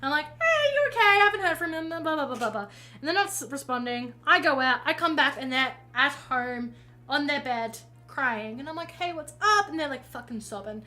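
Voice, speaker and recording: A woman's voice: high-pitched, moderate pace, pushed and bright, rough recording. A woman streaming while painting, telling a rambling story in casual chat and often correcting herself. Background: faint music.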